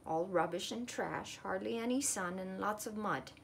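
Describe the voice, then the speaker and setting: A woman's voice: medium pitch, moderate pace, vocal fry, a little hiss or hum, natural voice. A woman voicing an achy, cross old scarecrow who complains and threatens, in a storybook reading.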